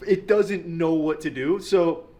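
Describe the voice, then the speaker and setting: A man's voice: fairly high pitch, a little slow, dark tone. A man in a casual chat, recapping things sarcastically and laughing as he goes.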